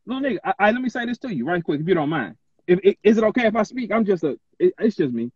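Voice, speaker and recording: A high, husky man talks over everyone, firing off "hey, look" until he gets the floor. His trash talk is bossy and full of repeats. The stream audio is dry and muffled, like a phone call with no room sound. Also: very animated, racing, a little mellow, dry recording. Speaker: battle rapper on a live stream.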